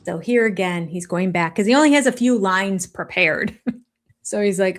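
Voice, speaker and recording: An older woman talks through a reality show episode with blunt, exasperated sarcasm. Her voice sits at an ordinary middle pitch, and she has no patience for empty apologies. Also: normal speed. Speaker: show commentator. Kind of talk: reality TV reaction commentary.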